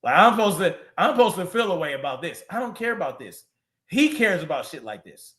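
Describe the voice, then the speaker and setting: A man's voice: high-pitched, very animated, a little fast, fairly bright tone. A man hosting a livestream, reacting to a clip with profane, mocking casual commentary. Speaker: livestream host.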